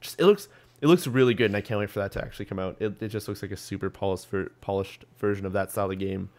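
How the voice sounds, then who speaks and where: A man's voice: fairly low pitch, racing, darkish tone. A young man hosting a podcast, chatting casually about gaming news with lots of ums and restarts. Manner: rambling, full of ums and restarts. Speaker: podcast host.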